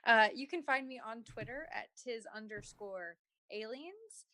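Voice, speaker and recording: A woman's voice: a little high, slow pace, sharp tone, dry recording. A young woman chatting casually as a tabletop player, upbeat and talkative. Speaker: player and podcast host. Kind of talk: casual chat.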